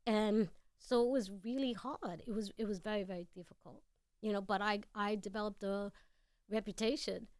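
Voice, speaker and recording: A woman's voice: medium pitch, steady tone, moderate pace, darkish tone, dry recording. A woman with a noticeable accent, a guest actress telling stories frankly and animatedly in a casual studio interview.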